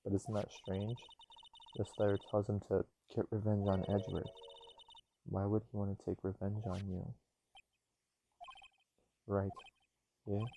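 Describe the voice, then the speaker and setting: A man's voice: lowish voice, vocal fry, mellow, slight background noise. A young man casually reading game dialogue aloud with offhand asides, recorded on an earbud mic.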